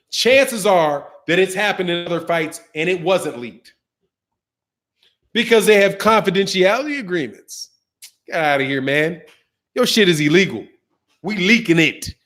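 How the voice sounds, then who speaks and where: High-voiced man ranting about boxing. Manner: animated, slangy, mocking. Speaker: boxing channel host. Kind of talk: casual commentary rant.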